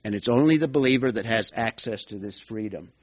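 Over a dry recording, a man with a fairly low voice gives an expository Bible teaching at a fairly quick pace. He explains the passage emphatically, repeating key points.

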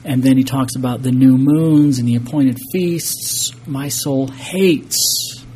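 A man's voice: medium pitch, steady tone, unhurried, noisy background. A man preaching a sermon, earnest and emphatic, reading scripture and explaining it to a congregation. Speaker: pastor.

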